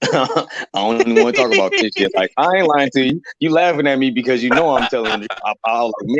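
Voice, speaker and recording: A man on a live stream discussion, talking in an animated, profane way and laughing often. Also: medium pitch, fast talker. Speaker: livestream panelist. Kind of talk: heated casual discussion. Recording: dry, dull lo-fi sound.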